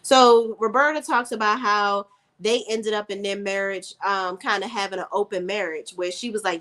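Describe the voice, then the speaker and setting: A woman's voice: mid-range voice, fairly even intonation, normal speed, fairly bright tone. A woman hosting a casual live stream, recapping a TV drama and chatting sassily with her viewers. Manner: chatty, sassy, reads chat aloud. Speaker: TV recap host.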